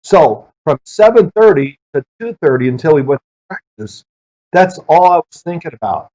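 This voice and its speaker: A middle-aged man, a former football player, answering interview questions with lively anecdotes. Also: fairly high pitch, normal speed. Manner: lively storyteller who acts out quoted people. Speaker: interview guest, former pro quarterback. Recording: dull lo-fi sound.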